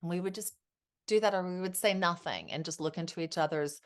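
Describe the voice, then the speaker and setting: A woman's voice: on the low side, brisk. A woman in her fifties, a marriage and family therapist, speaking as a podcast guest in a heartfelt, reflective way. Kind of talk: candid podcast interview.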